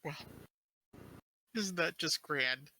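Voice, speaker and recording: Slow, bright-voiced exasperated player. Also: medium pitch. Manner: hesitant, exasperated, swearing. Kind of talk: tabletop role-play.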